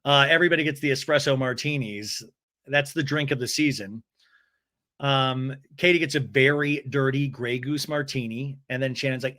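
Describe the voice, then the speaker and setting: A young adult man hosting a podcast, giving a gossipy comedic recap in an animated way. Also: medium pitch, normal speed. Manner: animated, gossipy, switches into mocking voices. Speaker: podcast host.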